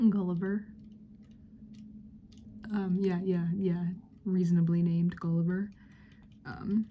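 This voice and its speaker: A woman's voice: fairly low pitch, vocal fry, muffled recording, slight background noise. A woman whispering in a friendly role-play, giggling and rambling through casual chat as a friend hosting a visit.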